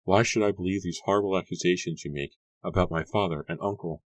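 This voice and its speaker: A frightened young Puritan girl in love, her voice rising into pleading, breathless cries, as a deep-voiced male reader puts her on. The reading is close and dry, with no room sound. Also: fairly even intonation, fast talker, no room sound. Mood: distraught.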